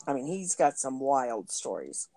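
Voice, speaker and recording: A woman's voice: very deep voice, very animated, a little slow, warm tone. A woman chatting offhandedly as a guest on a live talk show. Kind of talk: casual chat.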